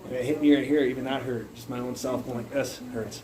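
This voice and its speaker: Over crowd noise and a rough recording, a young man with a mid-range voice talks fast with fairly even intonation. His phone livestream chat is casual and rambling, blunt and profane, with frequent sentence restarts.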